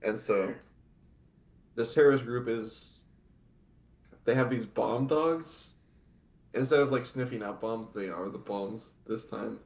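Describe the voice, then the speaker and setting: A man's voice: mid-range voice, slow, gravelly, long pauses. A man co-hosting a casual anime podcast, recapping the plot in long rambling run-on sentences. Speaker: podcast co-host. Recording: echoey room.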